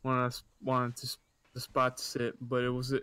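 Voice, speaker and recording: A man's voice: medium pitch, completely flat delivery, normal speed, sharp tone, clean tone. A young man casually reading stories aloud, stumbling over words and often breaking into laughter and mocking asides.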